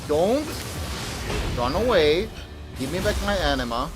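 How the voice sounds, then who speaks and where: This young man's voice is a little high and sing-song, moving a little slowly over music. As he streams a video game, he narrates his play, swearing and grumbling at the enemy and his computer out of exasperation.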